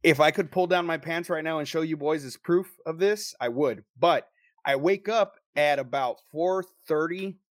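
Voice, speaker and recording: Young guy telling a story to his buddies, swears a ton, slightly high voice, dry close mic. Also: normal speed, dry recording. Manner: profane, animated storyteller who acts out quotes. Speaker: paranormal investigator telling a story. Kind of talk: casual storytelling among friends.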